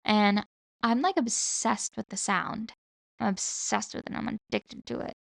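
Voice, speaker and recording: A woman's voice: mid-range voice, animated, a little slow, gravelly, dry recording, clean studio sound. A young adult woman hosting her own podcast solo, chatting casually and rambling, with lots of "like" fillers and casual swearing. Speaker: podcast host.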